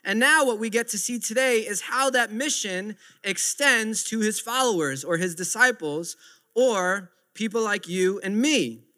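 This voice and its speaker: A man's voice: high-pitched, animated, unhurried, pushed and bright. A man in his thirties preaching a sermon with earnest, repetitive emphasis. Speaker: pastor.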